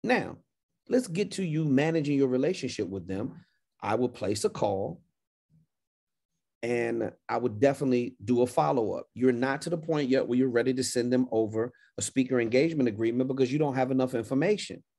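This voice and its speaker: A man's voice: mid-range voice, expressive, fairly quick, creaky, dark tone. A man coaching a caller on a livestream Q&A, confident and emphatic, often repeating phrases. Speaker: speaking business coach.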